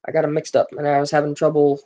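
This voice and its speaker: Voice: medium pitch, monotone, fast, mellow. A stream host casually going over game release notes, rambling with lots of fillers, reading numbers aloud and answering viewers in chat.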